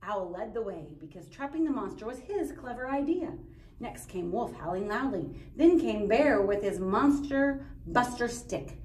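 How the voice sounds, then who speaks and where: A woman reading a children's storybook aloud as a teacher, expressive and playful, explaining the story to children afterward. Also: on the high side, unhurried. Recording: roomy echo, distant mic.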